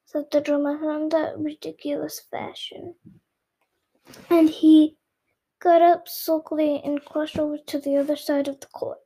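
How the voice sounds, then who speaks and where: A child reading a storybook aloud, slow and careful, stumbling and repeating words now and then. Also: sits high, little pitch movement, dark tone, rough recording. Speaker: reader.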